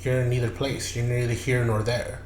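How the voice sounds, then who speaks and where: Man voicing devil entity, calm, slow, matter-of-fact, echoey room, faint hiss. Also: medium pitch, close to an everyday voice.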